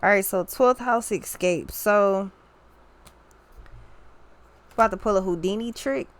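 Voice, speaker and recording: A woman's voice: medium pitch, unhurried. A young woman giving a casual tarot reading, rambling and emphatic, with slang and many restarts. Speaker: tarot reader.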